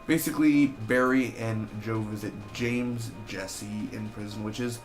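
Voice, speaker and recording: A young man casually recapping and reviewing a TV episode in an excitable, chatty way, peppering his talk with "basically" and "man.". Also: fairly low pitch, unhurried, over loud music. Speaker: TV show reviewer. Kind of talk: casual spoiler review vlog.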